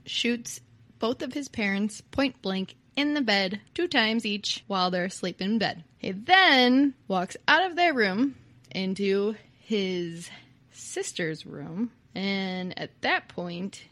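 A woman's voice: medium pitch, lively intonation, takes it slowly, fairly bright tone, no room sound. A woman co-hosting a podcast, telling a true-crime story in a casual, chatty way and laughing often. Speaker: podcast co-host.

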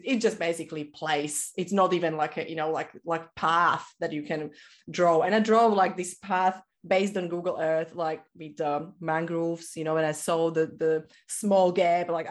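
This is a woman who is not a native English speaker, a guest in a casual chat. She is animated and laughs often. She sometimes searches for the right word. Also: lowish voice, normal speed.

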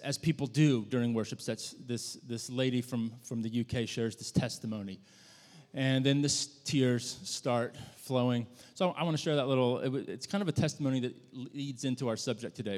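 A man preaching a sermon, telling a story in a conversational, halting way with frequent restarts. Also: medium pitch, a little mellow. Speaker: pastor. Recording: long hall reverb.

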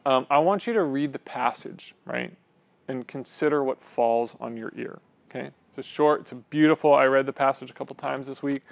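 A man delivers a sermon like a friendly chat, tossing in "right?" and playful asides. His voice sits in an ordinary middle pitch. The sound is dry and close. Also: normal speed, gravelly, no echo. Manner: conversational, repeats "right?" often. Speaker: teacher.

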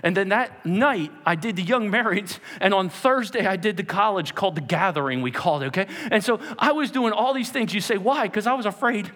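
A man in his forties, a pastor, preaching a lively sermon with jokey stories and acted-out quotes, swinging between loud and hushed. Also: high voice, a little fast, few pauses, long reverb tail.

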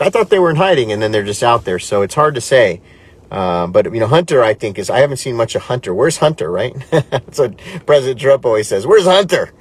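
Earnest pastor chatting on a livestream. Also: male voice, mid-range voice. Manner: earnest and conversational, drifting between animated and quiet. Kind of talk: live-stream chat reading viewer comments.

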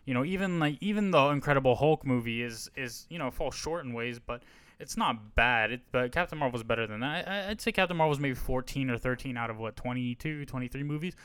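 Rambling man with a smooth, dry voice. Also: medium pitch, lively intonation, a little fast, fairly bright tone, dry recording. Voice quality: rambling, frank, sweary. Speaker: podcast host. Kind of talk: casual solo movie review.

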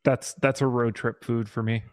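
A man's voice: mid-range voice, level tone, moderate pace, no echo. A man co-hosting a podcast in a casual chat, steering the conversation back to the topic. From Chicago area. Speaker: podcast co-host. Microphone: home mic over video call.

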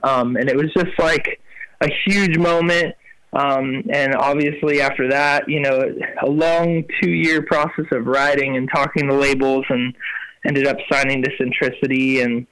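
A man's voice: mid-range voice, a little slow, clean tone, dry recording, poor audio. A young man, a worship musician, telling his story as a guest in a casual chat, full of fillers and acted-out quotes. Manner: animated, lots of fillers, acts out quotes.

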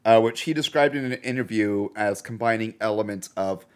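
A man's voice: on the low side, fairly quick, clear, resonant tone. A man co-hosting a casual film review podcast, joking and laughing often. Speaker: podcast co-host.

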